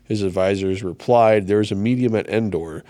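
A man's voice: fairly low pitch, normal speed, dark tone, no room sound. A man co-hosting a casual faith podcast, chatty and reading scripture aloud plainly. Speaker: podcast co-host.

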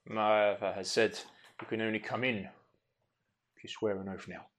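A man voicing a stubborn young townsman sent by his mother, speaking in a deliberately bad put-on European accent during a tabletop role-play. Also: on the low side, flat delivery, fairly bright tone, natural voice. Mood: insistent.

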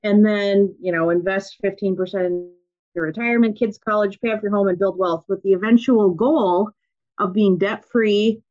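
A woman's voice: medium pitch, steady tone, moderate pace, a little mellow, lo-fi sound. A woman from Minnesota with a Minnesotan accent, chatting upbeat as a podcast guest with many fillers. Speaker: guest, nurse practitioner and money coach. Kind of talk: casual podcast interview.

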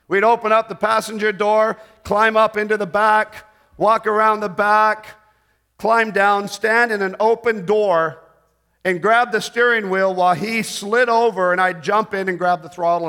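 An older male pastor preaching a sermon, dropping to hushed prayer and then rising into loud, quick storytelling. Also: high-pitched.

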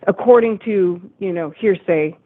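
A woman's voice: fairly low pitch, a little slow, husky, dry recording. Woman on a tinny phone line. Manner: chatty, rambling storyteller. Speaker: guest, tribute band member. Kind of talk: casual interview chat.

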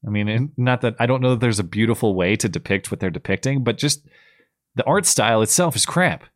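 A man hosting a live call-in show, relaxed, wry and questioning. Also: mid-range voice, brisk, dry recording, clean studio sound. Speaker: host. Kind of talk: casual call-in chat.

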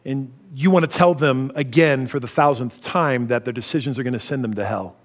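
A middle-aged man preaching a sermon, animated, laughing often and swinging from loud to soft. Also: mid-range voice, brisk. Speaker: pastor.

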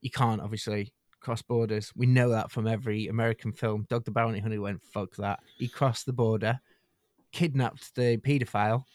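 A man's voice: on the low side, steady tone, fairly quick, darkish tone, dry recording, clean studio sound. A man rambling and hesitating through a casual comedy podcast chat. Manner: rambling, hesitant, tangent-prone. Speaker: podcast co-host.

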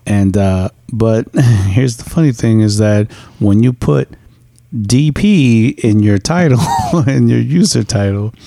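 Gravelly low-voiced man, laughing, cursing. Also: takes it slowly, warm tone, no room sound. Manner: laughs often, swears freely, rambling. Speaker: podcast co-host. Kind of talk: casual chat.

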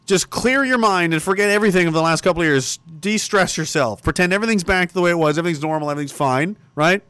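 A man commenting sarcastically on news headlines in a casual, animated way. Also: sits high, quick pace, smooth, dry recording. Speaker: commentary streamer.

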